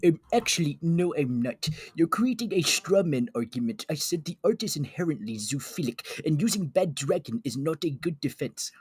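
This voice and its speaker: A man making a calm, mock-formal argument, starting with hesitant fillers. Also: fairly high pitch, moderate pace, few pauses, husky, no echo. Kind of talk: measured argumentative reply.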